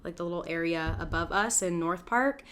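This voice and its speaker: A woman co-hosting a podcast, chatting casually and telling a lively, profane story with acted-out voices for the people in it. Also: on the low side, fairly quick, smooth. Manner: animated storyteller, swears freely, acts out quoted people. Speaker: podcast co-host. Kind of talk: casual chat.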